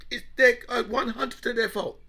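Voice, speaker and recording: A man's voice: extremely high pitch, fairly even intonation, moderate pace, bright, forceful tone, husky. A man delivering an angry, sarcastic political rant, constantly checking in with "right?" and mocking his opponents. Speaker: political commentator.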